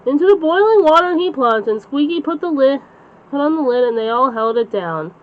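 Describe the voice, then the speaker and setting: A woman's voice: high voice, expressive, fairly quick. A woman reading a children's bedtime story aloud as the channel's storyteller. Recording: slightly dull lo-fi recording.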